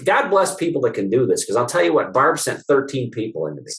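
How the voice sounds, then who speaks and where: A man's voice: medium pitch, fast. A middle-aged chiropractor being interviewed, telling anecdotes casually, acting out the dialogue he quotes and joking with some mild swearing. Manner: lively anecdotal storyteller, acts out the dialogue he quotes; swears casually and laughs at his own stories. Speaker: chiropractor guest. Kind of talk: casual storytelling in a podcast interview.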